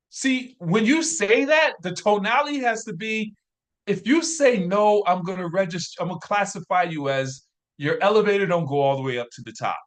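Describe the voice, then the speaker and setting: Man, high voice, hyped sales coaching talk, repeats himself. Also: normal speed. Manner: energetic, repetitive, hyping urgency. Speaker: sales trainer. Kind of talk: motivational sales training talk.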